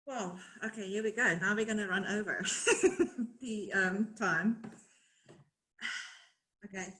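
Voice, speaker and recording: A South African woman talks over a video call, her accent drifting toward American. She is chatty and self-deprecating, with an everyday middle pitch. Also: steady tone, slow pace, sharp tone, poor audio. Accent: South African with some American. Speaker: webinar guest speaker. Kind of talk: casual webinar talk.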